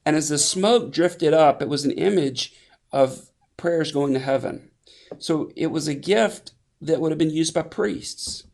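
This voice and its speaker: A pastor giving a conversational sermon, with frequent restarts and fillers. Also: male voice, fairly high pitch, a little slow, vocal fry, a little mellow.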